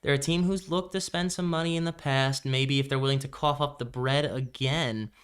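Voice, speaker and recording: Hiccuping throughout, a young man co-hosts a podcast and rambles casually about baseball in a relaxed way, using plenty of fillers. He speaks at a moderate pace in a clear, resonant, mid-range voice.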